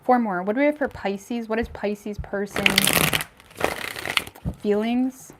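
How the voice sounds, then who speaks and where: A woman's voice: on the high side, fairly even intonation, measured pace, very noisy. A woman giving a casual tarot reading, frank and chatty, thinking aloud with plenty of fillers as she goes. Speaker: tarot reader.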